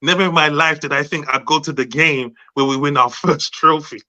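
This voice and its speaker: A man chatting excitedly as a guest on a fan podcast, gushing and laughing as he talks. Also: on the high side, rough recording. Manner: animated, gushing, quick to laugh. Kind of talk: excited casual chat.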